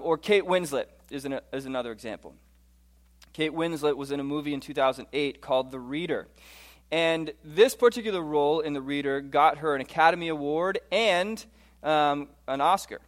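A man in his thirties giving a conversational presentation to a live audience, often asking them questions and saying "okay". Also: a little high. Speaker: speaker addressing a live audience.

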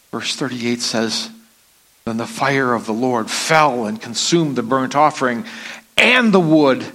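A man's voice: fairly high pitch, bright, forceful tone. A man preaching a sermon, reading scripture aloud with dramatic rises and falls.

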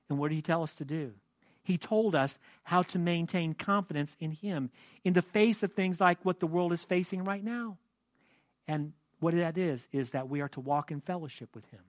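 A man preaching a sermon as pastor, speaking in a measured way that slows into hushed, prayerful reading. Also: fairly high pitch, no room sound, clean studio sound.

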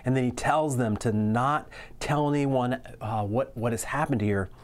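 A man preaching a sermon in an earnest way, slowing down to stress key lines. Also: mid-range voice. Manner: earnest preaching, slows down for emphasis. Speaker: pastor.

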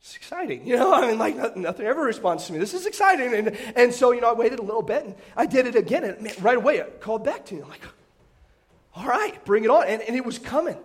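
A man's voice: extremely high pitch, sing-song, rapid-fire, few pauses. A middle-aged man, a pastor, preaching with humorous personal stories and self-deprecating jokes, often restarting his phrases. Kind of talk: storytelling sermon.

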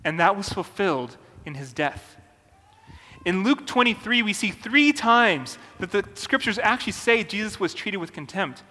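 A man preaching a sermon as a pastor, earnest and deliberate, with emphatic pauses. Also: high voice, animated, bright, forceful tone, big-room sound.

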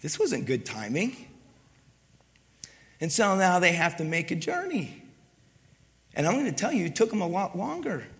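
A pastor delivering a lively sermon, with a high-pitched voice. He talks in a conversational way, acting out the voices of the people in his story and asking the crowd for agreement. His voice rings with the long reverb of a large hall. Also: brisk. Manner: animated, conversational, acts out voices.

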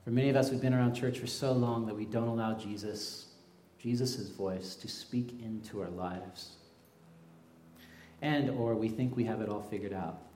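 A man's voice: lowish voice, moderate pace, slight background noise. Conversational preacher man, roomy hall. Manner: conversational, animated storytelling with quoted voices. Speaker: pastor. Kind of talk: sermon.

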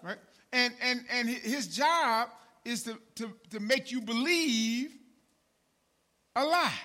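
A pastor delivers a conversational sermon, sprinkling in "man" and "right?" and swinging between quiet asides and shouted emphasis. He speaks slowly.

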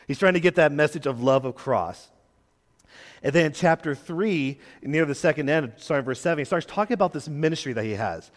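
A young man preaches to a congregation in a loose, conversational way, acting out quoted voices and joking with the people in the pews. His voice sits a little high for a man. The sound carries a long church reverb. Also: a little fast. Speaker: guest preacher. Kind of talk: sermon. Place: church sanctuary.

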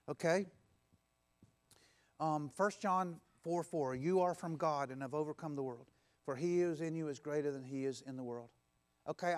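High-voiced man preaching a sermon. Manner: exhorting, repeats phrases and leads call-and-response. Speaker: pastor. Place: church.

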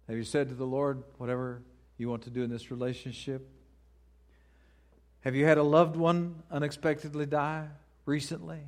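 A middle-aged man preaching a sermon as a pastor, earnest, moving between loud pleading questions and quiet, hushed prayer. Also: a little high. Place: church.

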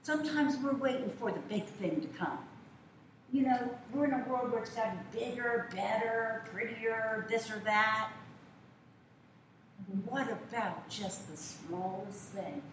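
A woman's voice: fairly high pitch, unhurried. Older woman preacher, conversational sermon style; distant mic with audible room noise. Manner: conversational storytelling, folksy asides. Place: church sanctuary. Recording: echoey church from far off.

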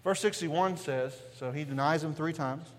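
Amid a noisy background and a long reverb tail, a man with a fairly high voice preaches at a normal pace. This East Tennessee pastor, Southern Appalachian accent and all, gives a conversational sermon in the church sanctuary, full of rhetorical questions and "right?"

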